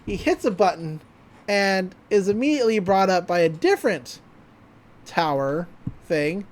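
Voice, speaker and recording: A woman on a podcast recaps an anime episode in a loose, chatty way. She laughs often and acts out the characters' lines as she goes. Her voice sits at a middling pitch. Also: expressive, unhurried, darkish tone. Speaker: podcast co-host.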